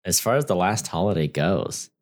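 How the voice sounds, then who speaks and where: A man's voice: low voice, animated, normal speed. A man co-hosting a casual movie podcast, bantering in an easygoing, playful way. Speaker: podcast co-host.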